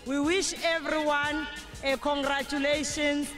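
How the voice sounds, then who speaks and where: South African female official, speech at a sports event, loud crowd-pleasing delivery. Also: high voice, flat delivery, a little slow, over music. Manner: loud, shouting over a crowd. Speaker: government official giving a speech.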